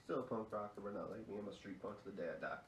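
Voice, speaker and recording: A man's voice: on the low side, rapid-fire, slight background noise. A young man hosting a podcast, telling rowdy stories in a profane, chuckling way. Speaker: fill-in podcast host. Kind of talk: casual storytelling. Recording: echoey room.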